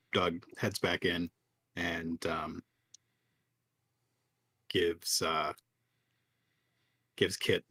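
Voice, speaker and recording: A man with a low, sharp, husky voice, recorded with no echo, is playing a tabletop game. He hesitantly describes what his character does, filling his speech with fillers, in casual game chat.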